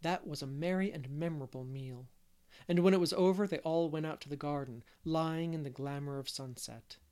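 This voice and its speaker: A man reading a classic novel aloud as narrator, gentle and unhurried, with the odd stumble. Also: fairly high pitch, smooth. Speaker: audiobook reader. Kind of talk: storybook narration.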